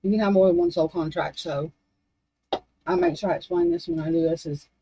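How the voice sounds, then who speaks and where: A woman's voice: fairly low pitch, fairly even intonation, fairly quick, lo-fi sound, background noise. A woman reading spiritual cards on a casual livestream, scattered and swearing under her breath as she talks to herself. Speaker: spiritual card reader. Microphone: desk microphone.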